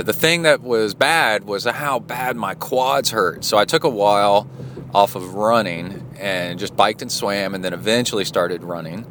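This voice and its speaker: Guy rambling on his phone in a locker room, lowish voice, lots of uhs. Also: a bit bright, a little hiss or hum. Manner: rambling, chatty storytelling with many fillers. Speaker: podcast host. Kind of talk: casual training-log monologue.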